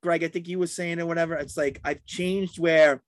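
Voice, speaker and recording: A man's voice: fairly high pitch, fairly even intonation, moderate pace, no room sound. A man in casual sports chat, telling rambling stories with many restarts.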